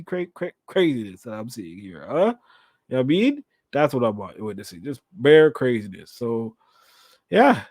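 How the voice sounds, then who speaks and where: A young man hosting his own channel, giving a casual, excitable episode recap that rambles, repeats words and uses lots of slang. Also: medium pitch, dry recording, studio quality. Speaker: channel host.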